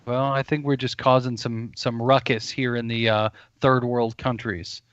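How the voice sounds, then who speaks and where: A man's voice: medium pitch, level tone, measured pace, clean tone, no room sound. A man co-hosting a podcast in easygoing, wry casual chat. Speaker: podcast co-host. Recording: dull dry sound.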